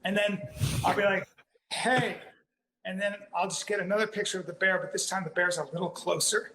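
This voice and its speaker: A man, a comedian, telling a long funny anecdote, acting out his own reactions with sudden loud exclamations and laughing as he goes. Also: high voice, steady tone, fast, reverberant, poor audio. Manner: laughs through his story, frequent "like" fillers. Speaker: comedian guest.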